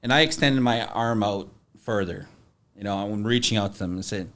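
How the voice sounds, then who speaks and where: Man, middle-aged, lowish voice, halting storyteller, many fillers, blunt. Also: a bit bright. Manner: plain-spoken, swears in stories. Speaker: podcast guest, contractor. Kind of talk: casual storytelling.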